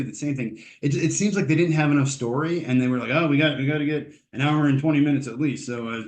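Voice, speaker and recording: Male host, mid pitch, casual opinionated film review, lots of "uh" and "like", echoey room. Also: a little mellow. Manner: rambling, opinionated, many fillers and restarts. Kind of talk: casual spoken movie review.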